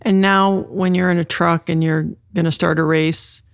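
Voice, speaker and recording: Gravelly, dry-voiced interview host. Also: mid-range voice, level tone, moderate pace, no echo. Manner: brief backchannels and short questions. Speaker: podcast host. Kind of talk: casual interview.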